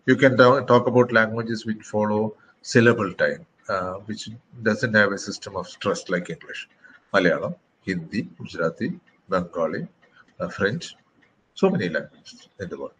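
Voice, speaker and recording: A man giving a classroom lecture, speaking slowly and deliberately, with frequent fillers and check-ins. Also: on the low side, a bit bright, a little hiss or hum, poor audio. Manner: slow, deliberate, frequent "okay" and "uh".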